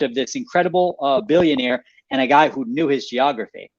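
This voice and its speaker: A man, an author guest in a radio interview, animated as he explains a story, restating points and laughing lightly. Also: medium pitch, fairly quick, no room sound, muffled recording.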